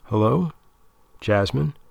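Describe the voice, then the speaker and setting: A man's voice: medium pitch, animated, slow pace, gravelly, breathy edge, dry recording, heavily acted. A man voicing a nervous young man who talks in an earnest, hesitant, blurting way.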